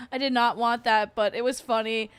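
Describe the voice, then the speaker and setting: A woman's voice: fairly high pitch, fairly even intonation, moderate pace, dry recording. A young adult woman hosting a casual livestream, rambling with lots of fillers and frequent giggles. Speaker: host.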